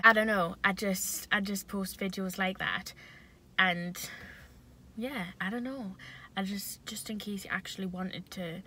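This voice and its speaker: A young woman vlogger chats casually to the camera in a mukbang video, talking as she eats. Her voice is medium-pitched with a sharp tone. The low-quality recording carries a little hiss or hum.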